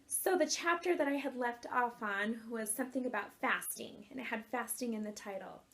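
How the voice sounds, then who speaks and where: Earnest high-voiced woman telling a personal story. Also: moderate pace. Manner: earnest, animated, laughs often. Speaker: author and life coach.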